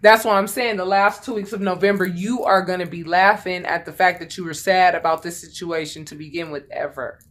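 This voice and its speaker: A woman's voice: on the low side, steady tone, a little fast, hardly any pauses. Blunt, chatty woman reading tarot. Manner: blunt, chatty, swears freely, emphatic repetition. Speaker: tarot reader. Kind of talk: casual tarot reading monologue.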